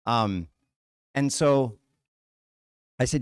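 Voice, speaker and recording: A man's voice: mid-range voice, lively intonation, normal speed, no room sound, studio quality. A man giving a conversational talk at church, frank and casual, often checking in with "right?" and "okay?". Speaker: church speaker.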